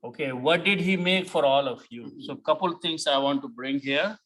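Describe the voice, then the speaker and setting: A man teaching a Quran lesson, explaining words step by step, repeating key terms and pausing on "okay". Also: fairly high pitch, a bit bright, low-quality recording.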